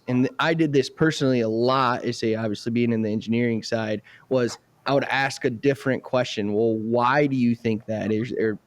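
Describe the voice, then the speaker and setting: Male podcast host, medium pitch, rambling casual delivery, dry recording. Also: fairly even intonation, moderate pace, hardly any pauses, no room sound. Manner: rambling, lots of fillers like "like" and "they say". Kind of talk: casual interview chat.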